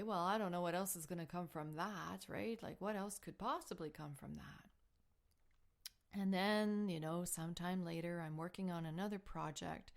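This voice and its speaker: Woman, lowish voice, earnest heartfelt storytelling, slips into soft whispers. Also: vocal fry. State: emotional while telling the story. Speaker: spiritual healing podcast host. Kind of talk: personal storytelling.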